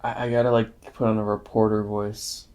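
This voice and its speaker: A man's voice: lowish voice, flat delivery, normal speed, darkish tone. Joking young man on a podcast call. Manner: joking, teasing, mock reporter questions. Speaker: podcast guest animator. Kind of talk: casual podcast chat.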